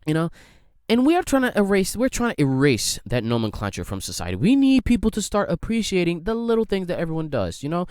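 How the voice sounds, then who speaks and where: A man's voice: sing-song, quick pace, darkish tone, clean tone, dry recording, clean studio sound. A man hosting a podcast, delivering a rambling, profane, comedic rant that jumps between his own voice and mocking impressions. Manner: rambling, profane, swings pitch widely for quoted voices. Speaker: podcast host.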